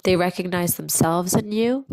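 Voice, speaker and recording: Woman medium, low gravelly voice, unhurried, soothing repetition, close dry mic. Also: a little mellow, dry recording, low-quality recording. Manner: slow, soothing, repeats phrases for emphasis. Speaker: medium giving a tarot reading. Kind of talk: channeled pick-a-card reading to camera.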